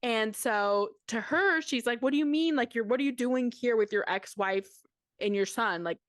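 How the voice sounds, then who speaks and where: A woman's voice: a little high, moderate pace, dry recording. Chatty woman podcast host, dry close mic. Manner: animated storytelling with slang and acted quotes. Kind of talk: casual recap chat.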